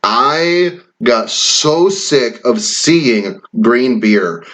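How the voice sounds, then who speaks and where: A man's voice: mid-range voice, lively intonation, drawn-out words, fairly bright tone. A man from Wisconsin chatting casually and swearing now and then as he reads quiz questions aloud and riffs on them. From Wisconsin, USA. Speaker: vlogger taking online quizzes. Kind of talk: casual rambling commentary.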